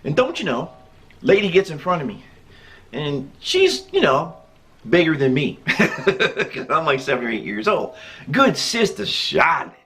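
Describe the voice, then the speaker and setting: High-voiced man telling a story, chuckling. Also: a little slow, vocal fry. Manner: chuckles often while telling; animated, jokey delivery. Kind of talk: casual personal storytelling.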